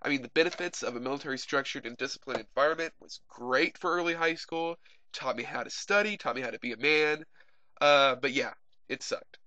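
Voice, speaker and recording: A young man from the Oklahoma Panhandle talks about his own life in a relaxed, wry monologue. His voice is bright and forward, and the sound is close and dry with no room echo. He hesitates often with uh and um. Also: mid-range voice, fairly quick. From Oklahoma Panhandle, USA. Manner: wry, candid, frequent uh and um fillers. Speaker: video blogger. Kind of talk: casual personal monologue.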